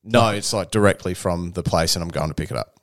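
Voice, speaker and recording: A man's voice: sits low, quick pace, no echo, clean studio sound. A young Australian man telling a story in casual chat and acting out the voices of the people in it. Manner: animated storyteller who acts out other people's voices. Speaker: podcast co-host.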